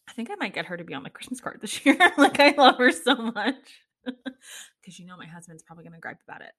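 A woman's voice: on the high side, big pitch swings, fast, a bit bright. A young woman hosting a casual solo podcast, chatting and ranting with exasperation, laughing often and swearing casually. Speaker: podcast host.

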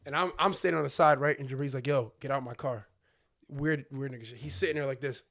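Fast-talking young man spinning a story. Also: medium pitch. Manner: animated, acts out friends' voices, slangy. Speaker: podcast co-host. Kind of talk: casual storytelling chat.

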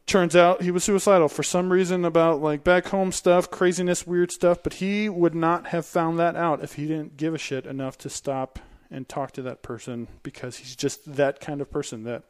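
A man in his thirties chatting on a podcast with a fairly high voice for a man. He talks bluntly and swears freely. He slips into quick little impressions of other people. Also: steady tone, clear, resonant tone. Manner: blunt and profane, acts out quoted dialogue. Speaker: podcast guest. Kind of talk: casual podcast chat.

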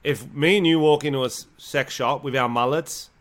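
A young Australian man co-hosting a podcast, talking in loose, rambling banter. His humor is crude and he swears freely, and his pitch sits in an ordinary middle range. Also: normal speed, fairly bright tone. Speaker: podcast co-host.

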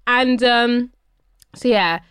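A woman's voice: on the high side, drawn-out words, clear, resonant tone, no room sound, clean studio sound. A woman, hosting a casual chat and telling a funny story, acting out the quoted voices. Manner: animated, acts out quoted voices, laughs often. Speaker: podcast host.

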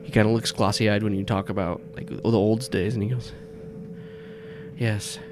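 With music clearly audible behind him, this game master narrates in a fairly low, steady voice at a fast clip. His scene descriptions wander, peppered with "like" and false starts.

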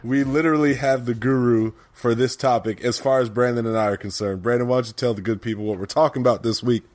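A man's voice: mid-range voice, fairly even intonation, fast, darkish tone, a little hiss or hum. A man hosting a podcast in casual chat, playful and jokey with a showman's flair. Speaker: podcast host.

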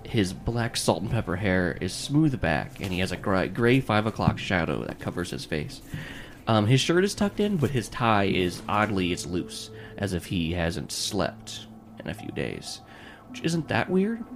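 A man's voice: fairly low pitch, big pitch swings, moderate pace, faint music behind. A man narrating as game master in a casual way, with many fillers.

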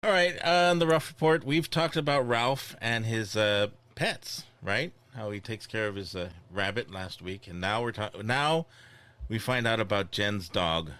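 A man hosting a podcast in casual chat, steering between segments with halting fillers. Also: on the low side, fairly bright tone, smooth. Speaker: podcast host.

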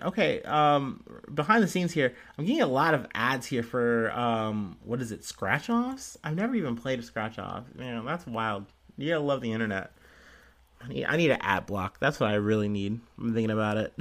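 A man's voice: mid-range voice, a bit bright. A young man hosts a casual podcast and reads news stories aloud. He rambles, restarts his sentences, and drops in swear words. He often laughs at himself as he talks. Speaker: podcast host.

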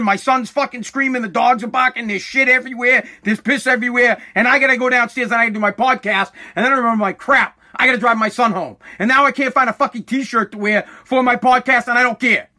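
Angry 40 yr old dude yelling and cussing on his podcast in the basement, high bright voice. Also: fast, few pauses. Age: 40s. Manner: aggravated, swearing, bursts into yelling. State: throat irritated by dust, coughing. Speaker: podcast host. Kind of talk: angry profane rant. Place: home basement studio.

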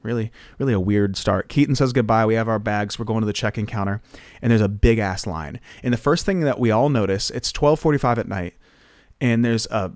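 A man's voice: fairly low pitch, dry recording. A man, a guest pop singer, telling a casual rambling story full of filler words into a close mic.

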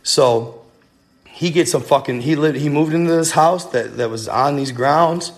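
A man's voice: fairly high pitch, unhurried. A man casually telling a ghost story, rambling and swearing, with lots of restarts. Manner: rambling and profane, with many restarts.

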